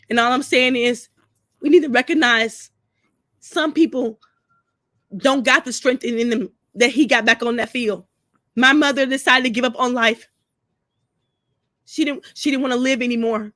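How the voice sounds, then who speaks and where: A woman's voice: a little high, moderate pace, pauses often, sharp tone, dry recording, clean studio sound. A crying woman pouring out a profane, repetitive rant to her camera, speaking. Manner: tearful, repeating herself, profane. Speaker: vlogger. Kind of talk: emotional personal rant to camera.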